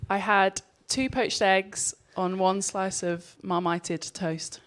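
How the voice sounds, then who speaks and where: A woman's voice: mid-range voice, steady tone, takes it slowly, a bit bright. A woman in her thirties, a professional rugby player, answering interview questions in an easygoing, modest way. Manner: easygoing, modest, laughs easily. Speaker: guest, pro rugby player. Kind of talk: casual interview chat.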